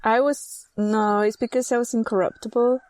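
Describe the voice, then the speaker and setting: A woman's voice: fairly high pitch, moderate pace, no echo. A woman from Chile, telling a childhood story in casual chat and acting out the people in it. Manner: animated storyteller acting out quoted voices. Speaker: host.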